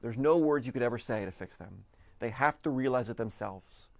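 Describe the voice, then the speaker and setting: A man gives an earnest motivational talk in a medium voice, neither high nor low. He often trips over his words and repeats them as he drives his point home. The sound is dry and close, with little room echo. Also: a little fast, vocal fry, darkish tone. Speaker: speaker giving a motivational talk.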